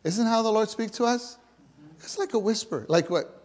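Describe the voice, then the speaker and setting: A man giving an informal sermon to fellow believers, conversational and repetitive, swinging between loud emphasis and hushed, near-whispered words. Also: high voice, normal speed. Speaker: church speaker.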